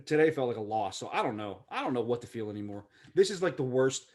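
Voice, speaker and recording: A man's voice: medium pitch, sing-song, fast, darkish tone. A man co-hosting a casual sports podcast, joking and talking in rambling runs with many stammering restarts. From Pittsburgh area. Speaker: podcast co-host.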